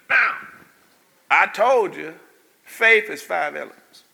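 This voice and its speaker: High-pitched gravelly preacher, shouting. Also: male voice, very animated, measured pace, long pauses. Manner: swings from low conversational asides to loud shouted preaching; call-and-response with the congregation. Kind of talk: sermon. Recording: long hall reverb.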